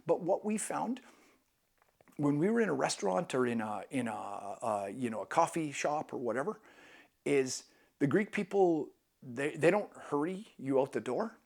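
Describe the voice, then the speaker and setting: A man's voice: fairly high pitch, lively intonation, normal speed, gravelly. A man hosting a travel vlog, giving casual travel tips in an enthusiastic, self-deprecating way.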